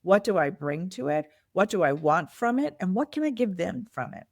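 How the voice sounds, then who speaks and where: Woman, lowish voice, middle-aged, reflective storyteller, dry close sound. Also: very animated, moderate pace, vocal fry, no room sound. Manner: reflective storyteller, acts out quoted dialogue. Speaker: nonprofit fundraising consultant, guest. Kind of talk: candid podcast conversation.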